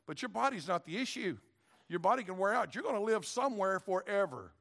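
A middle-aged man preaching a sermon, dropping low and quiet for serious points and climbing into shouts on key phrases. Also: expressive, a little fast, vocal fry. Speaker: pastor.

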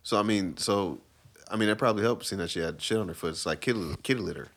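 A man's voice: on the low side, fast talker. A man chatting casually, reacting in short slangy bits. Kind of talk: casual chat.

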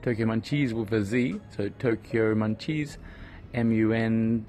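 A man's voice: on the low side, unhurried, mellow, faint music behind. A man in his thirties hosting a casual podcast. He rambles through jokes and playful sarcasm while strolling his home garden, keeping his voice down. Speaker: podcast host.

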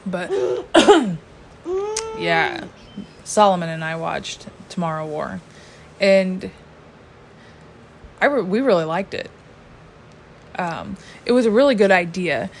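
A woman's voice: lowish voice, sing-song, slow, creaky, pauses often, rough recording. A woman chatting casually and animatedly, swearing freely and acting out her own reactions as she talks. A faint hum of noise sits under her voice. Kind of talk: casual chat.

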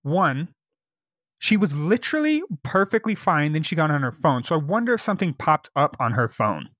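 A man co-hosting a podcast, telling a work story in casual chat, animated and swearing, acting out the people he quotes. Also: a little high, normal speed, no room sound, clean studio sound. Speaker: podcast co-host.

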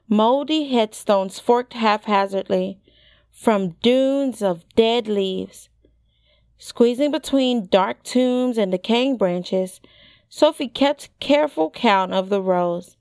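Woman reading a storybook nice and slow, dry close sound. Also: fairly high pitch, a little mellow, dry recording. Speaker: audiobook narrator. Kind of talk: storybook narration.

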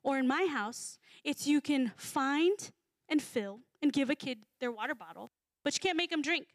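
A woman giving a sermon in a conversational, animated way, sometimes acting out voices. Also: high-pitched, normal speed, no room sound. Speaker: preacher.

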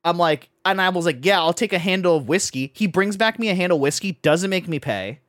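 A man telling a long story in casual chat, animated, acting out his friends' voices and filling his talk with "like" and "right?". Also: high-pitched, no room sound, studio quality. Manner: fast, full of "like" and "right?".

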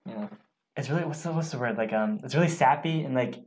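A man chatting casually on a podcast, rushing through his thoughts and packing them with fillers. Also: medium pitch. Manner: fast, filler-heavy, lively. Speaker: podcast co-host. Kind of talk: casual chat.

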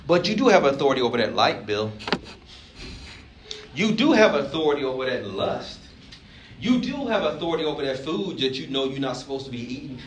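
In an echoing sanctuary, an Alabama pastor preaches with a mid-range voice, mixing emphatic delivery, joking asides, and call-and-response questions. Picked up by a distant mic, the audio is roomy with faint ambience and a little background noise.

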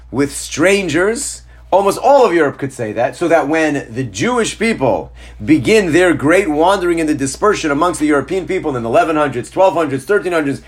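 A man teaching a Torah class, speaking emphatically in a storytelling way with rhetorical questions and slowing down to stress key words. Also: on the high side. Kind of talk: recorded class lecture.

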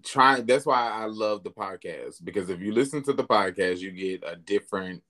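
A male podcast host talks candidly in a casual, heartfelt chat, growing animated as he recounts his own thoughts. His voice is on the low side, at a moderate pace.

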